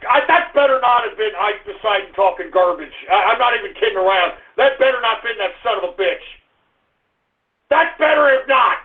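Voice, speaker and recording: A male radio talk show host, exasperated, yelling at callers to shut up. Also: very high-pitched, slightly rough. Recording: tinny phone-like sound.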